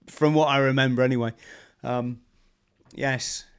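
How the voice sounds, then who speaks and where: A man's voice: mid-range voice, steady tone, measured pace, clear, resonant tone. A man hosting a podcast interview, chatting casually, adding apologetic asides and checking facts with his guest. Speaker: podcast host.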